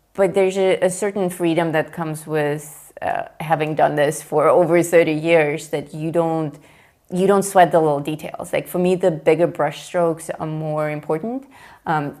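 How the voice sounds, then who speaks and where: Gravelly, low-voiced chatty woman host. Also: darkish tone. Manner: chatty, laughs easily, explains at length. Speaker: host of a live coloring show. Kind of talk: casual chat while drawing.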